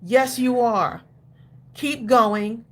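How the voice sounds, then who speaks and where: A woman's voice: on the high side, very slow, a bit bright. A woman hosting a crafting livestream who chats casually, encourages viewers and laughs often. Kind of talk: casual live-stream chat.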